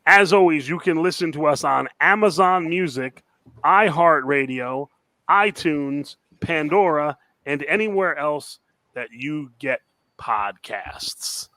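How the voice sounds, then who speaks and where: A man from New Jersey hosting a comedy podcast, playful and quick to laugh. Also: a little high, lively intonation, sharp tone, dry recording. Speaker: host.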